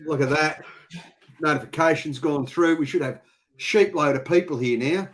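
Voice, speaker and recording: A man's voice: on the high side, moderate pace. An Australian man hosting a casual live-stream chat, teasing and bantering with his guest. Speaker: host.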